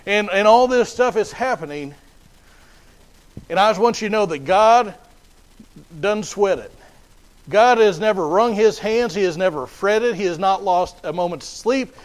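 A man's voice: high voice, lively intonation, a little slow, long pauses, poor audio. A man preaching a sermon in an emphatic, repetitive way, often restarting his phrases.

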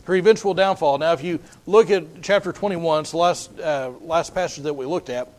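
High-voiced man preaching a folksy sermon. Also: fairly even intonation, moderate pace. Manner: folksy, conversational, storytelling with frequent restarts.

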